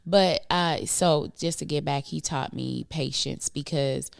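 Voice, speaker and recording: A middle-aged woman with a low voice that carries a gravelly edge, speaking in an earnest, reflective way. She is recorded close and dry on a podcast mic, with no room sound. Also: measured pace, dry recording. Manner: thoughtful, earnest, speaks softly at times. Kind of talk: reflective casual conversation.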